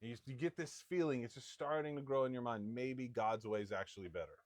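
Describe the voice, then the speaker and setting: A man preaching a sermon in a loose, conversational way, acting out people's voices with sudden jumps in pitch. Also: fast, no room sound. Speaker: pastor.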